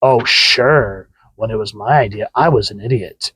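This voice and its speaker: A man's voice: fairly low pitch, normal speed, a bit bright, slightly rough, dry recording, voice pushed down. A man voicing a sulking, put-upon young man, read aloud from a comic. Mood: grumbling.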